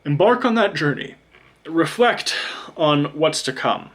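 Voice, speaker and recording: Man, fairly high voice, animated, sarcastic, joking tarot reader, casual swearing. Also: measured pace, husky. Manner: swears casually and addresses the viewer directly. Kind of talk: pick-a-card tarot reading.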